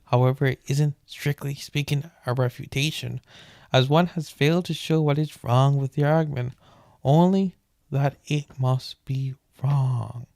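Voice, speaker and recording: A man's voice: mid-range voice, creaky, no echo, clean studio sound. A man casually reading a book aloud late at night, often stumbling over words and breaking off into joking rants.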